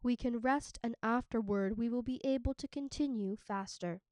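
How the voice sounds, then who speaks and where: A woman voicing a patient, gentle father who speaks calmly and quietly. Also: fairly high pitch, normal speed, no room sound, clean studio sound, lightly acted. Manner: calm and quiet.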